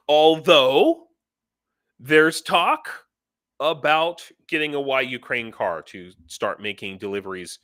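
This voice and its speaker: Rambling bright-voiced male stream host. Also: mid-range voice, animated, slow, no room sound. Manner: rambling, self-interrupting, reads chat comments aloud. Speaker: livestream host. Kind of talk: casual live-stream chat. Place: home in Ukraine.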